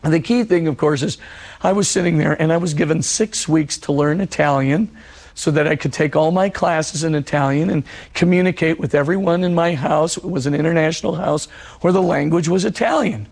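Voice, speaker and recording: A man giving a spiritual teaching talk on prayer, measured and reflective, telling stories with frequent fillers. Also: a little high, gravelly, a little mellow.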